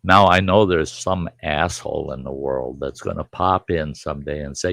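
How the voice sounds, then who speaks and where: A man's voice: extremely low pitch, normal speed, gravelly, fairly bright tone, dry recording. A man in his sixties hosting a live stream, talking in a rambling, emphatic, indignant way from his home studio. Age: 60s. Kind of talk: casual monologue.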